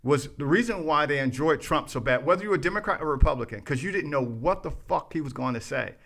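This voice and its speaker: A man's voice: on the high side, expressive, fast, creaky, a bit bright. A man co-hosting a podcast, ranting in casual chat, restarting phrases and talking straight to his listeners. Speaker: podcast co-host.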